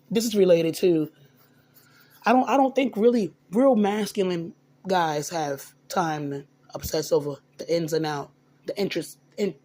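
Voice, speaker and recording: A man's voice: on the high side, darkish tone. Rambling man talking into a phone. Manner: rambling, with many restarts and repeated words. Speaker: vlogger. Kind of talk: casual personal monologue.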